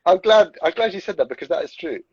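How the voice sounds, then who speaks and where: Husky-voiced man hosting a chat. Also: sits high, expressive, fast talker, a little mellow. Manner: chatty, reads out viewer questions. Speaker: host. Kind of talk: casual interview chat. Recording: dull lo-fi sound.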